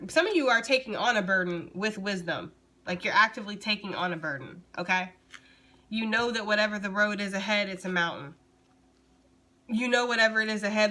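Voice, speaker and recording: A woman's voice: medium pitch, pushed and bright. A woman giving a casual tarot reading, blunt and profane, laughing often as she talks. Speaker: tarot reader.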